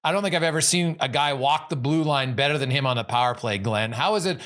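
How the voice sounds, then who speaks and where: A man's voice: medium pitch, quick pace, a bit bright. A man co-hosting a sports podcast, asking a guest questions enthusiastically in casual chat. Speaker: podcast co-host.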